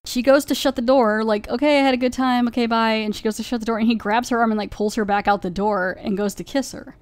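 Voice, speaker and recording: A woman's voice: mid-range voice, fairly even intonation, fast talker, dry recording. A woman hosting a podcast, casually reviewing an episode and retelling its plot in a rambling way, full of "like" fillers. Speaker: podcast host.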